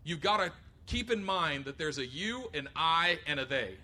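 A middle-aged man preaching a sermon, animated, acting out voices of others and rising to near shouts. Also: fairly high pitch, moderate pace. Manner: acts out voices of others in quotes. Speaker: pastor.

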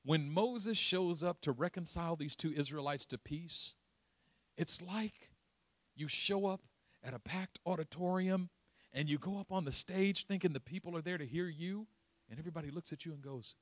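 A man's voice: on the high side, normal speed, dry recording. A man preaching a sermon as a pastor, telling stories with humor and laughing along the way. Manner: humorous, animated storytelling with laughs.

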